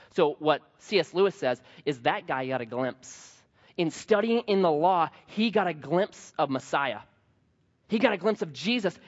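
Animated male pastor in a reverberant hall. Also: a little high. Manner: animated storytelling, acts out voices. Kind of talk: sermon. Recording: dull sound with long hall reverb.

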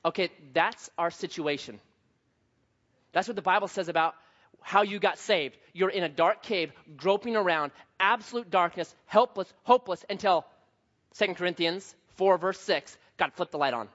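A man preaching a sermon, telling a story with lively acted-out voices and sound effects. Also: high-pitched, normal speed, lo-fi sound. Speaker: pastor.

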